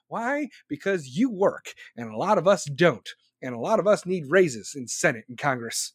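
A man rants about politics with heavy swearing and biting sarcasm. His voice sits high and swings widely in pitch. The recording is close and dry. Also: very animated, moderate pace, few pauses, husky, no room sound. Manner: profane, sarcastic, ranting. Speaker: podcast host. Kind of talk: political rant.

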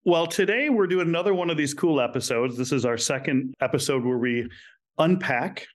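A man's voice: a little high, moderate pace. A man hosting a podcast, introducing guests and questions in a friendly, upbeat way. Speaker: podcast host.

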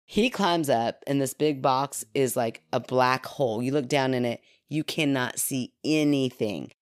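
A woman from Kentucky telling a story in casual podcast chat, animated and often laughing as she talks. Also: very deep voice, measured pace, dry recording.

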